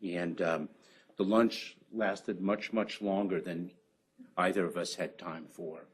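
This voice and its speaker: A man giving conference opening remarks in a reflective, halting way, with many ums and uhs. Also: deep voice, fairly even intonation, breathy edge. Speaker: conference speaker.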